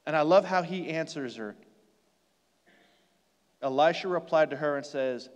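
An American man preaching a conversational sermon, asking rhetorical questions and moving from loud to hushed. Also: fairly high pitch, unhurried, long pauses. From United States. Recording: long hall reverb.

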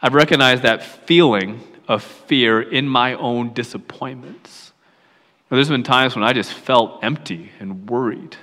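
A middle-aged man from Pennsylvania telling a personal story in a sermon, sometimes dropping to a hushed near-whisper. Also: mid-range voice, unhurried, long reverb tail. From York, Pennsylvania, USA.

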